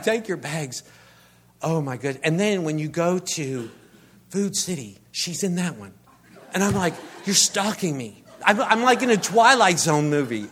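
Man giving a humorous sermon. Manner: rambling storyteller who gets shrill and animated mocking.

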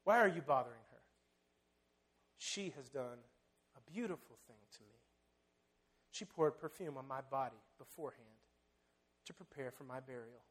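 Jesus as a soft, gentle grown man, speaking low, hushed and slow, as a preacher quotes him. Tender and unhurried throughout. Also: animated, natural voice.

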